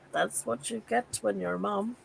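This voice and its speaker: A woman's voice: medium pitch, measured pace, gravelly, a little hiss or hum, poor audio. A young woman hosting a casual livestream chat, chatty and laughing often between yawns. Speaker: host of a reading sprint livestream.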